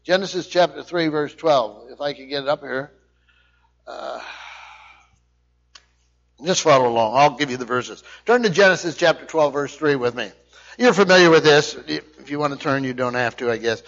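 Male preacher, high voice, explanatory teaching sermon, dull lo-fi sound. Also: normal speed, a bit bright. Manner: explanatory, questions to the congregation. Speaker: Bible teacher.

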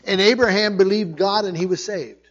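A man's voice: sits high, steady tone, normal speed, a bit bright, highs cut off. A man preaching a conversational sermon, repeating his points with emphasis. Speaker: pastor.

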